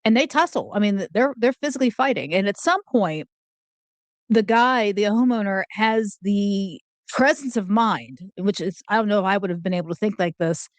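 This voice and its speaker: A woman's voice: medium pitch, moderate pace, dry recording. A woman giving chatty, casual true crime commentary and thinking aloud as she goes. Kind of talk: casual commentary over clips.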